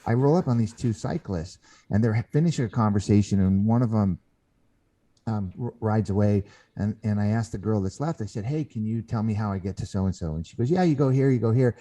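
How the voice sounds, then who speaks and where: Earnest man with a very dark voice. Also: fairly low pitch. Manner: earnest storyteller who acts out quoted voices; halting, with frequent restarts. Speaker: guest author. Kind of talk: podcast interview.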